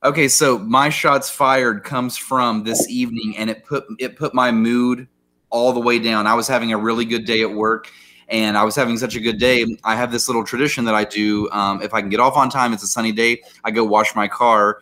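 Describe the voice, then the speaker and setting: Man, young adult, bright tense voice, profane ranting storyteller, casual podcast chat. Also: medium pitch, flat delivery, fairly quick. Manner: heated, profane rant with frequent fillers. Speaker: podcast co-host.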